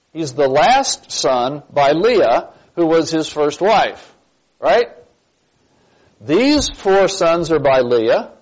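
A man teaching a church Bible class, stressing key points and quizzing his listeners with questions. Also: fairly high pitch. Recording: dull lo-fi recording.

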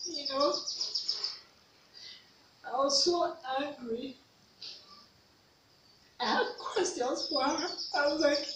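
A woman's voice: sits high, slow, pauses often, a bit bright. A Nigerian woman vlogger telling a personal story, earnest, repeating herself for emphasis. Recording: echoey room, mic at a distance, faint noise.

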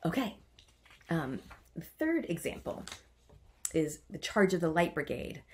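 A woman's voice: fairly low pitch, very animated, unhurried, pauses often, a little hiss or hum. A woman teaching a writing workshop. She chants the stressed beats aloud and adds playful, self-mocking asides. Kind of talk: online writing lesson.

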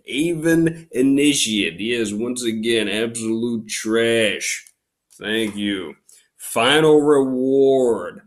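Slow-talking, exasperated male unboxer. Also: lowish voice. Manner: exasperated, mock-outraged griping with loud exclamations. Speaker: YouTube unboxing host. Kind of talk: casual unboxing commentary.

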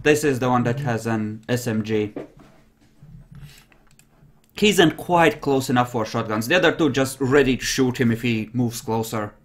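A young man narrating a tabletop role-playing game as game master, lively and quick to laugh. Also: mid-range voice, slight background noise.

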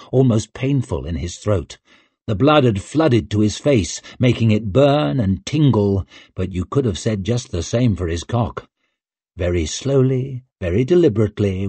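A man reading an audiobook in a measured, expressive way, close to the mic. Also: lowish voice, breathy edge, no room sound. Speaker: audiobook narrator. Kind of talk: scripted narration.

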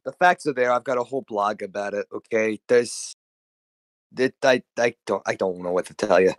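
A man co-hosting a comedic podcast, speaking in a laid-back, deadpan, matter-of-fact way. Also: fairly low pitch, normal speed, dry recording, studio quality. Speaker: podcast co-host. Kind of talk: comedic vtuber podcast banter.

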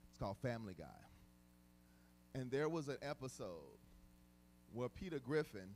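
A man preaching a sermon as pastor, emphatic and colloquial, repeating words and swinging from quiet stretches to shouts. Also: mid-range voice, a little hiss or hum. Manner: casual, colloquial speech.

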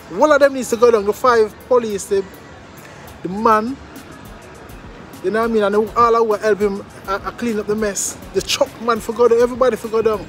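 A Jamaican man delivers a commentary vlog in an emphatic, repetitive patois-laced style. His voice sits high. Music plays clearly behind him. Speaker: vlogger.

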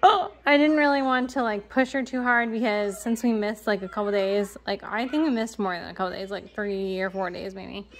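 A young woman, a parent vlogger, gives a casual update from home while she has the hiccups. She rambles with many fillers and restarts and keeps correcting herself, yet her mid-range voice holds a steady tone at a normal speed with few pauses.

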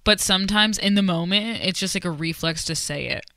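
A woman's voice: on the low side, a little fast, bright, forceful tone, dry recording, studio quality. A woman co-hosting a talk show, chatting casually with lots of filler words. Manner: chatty, laughs easily, lots of likes. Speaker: co-host. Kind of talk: casual chat.

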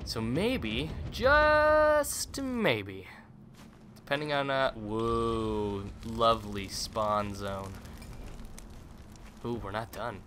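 A young man hosting a let's play, giving playful, joking commentary with sudden loud outbursts as he plays. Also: fairly low pitch, fairly even intonation, slow pace, a little hiss or hum. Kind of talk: gameplay commentary.

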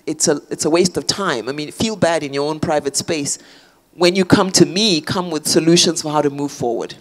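A woman, an author, speaking thoughtfully in a public on-stage conversation, with many fillers and restarts. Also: sits low. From South Africa. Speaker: author guest.

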